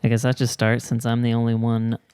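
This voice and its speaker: A man's voice: mid-range voice, monotone, brisk, darkish tone, clear, resonant tone. A man co-hosting a podcast in easygoing, jokey casual chat with loose filler words. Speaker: podcast co-host.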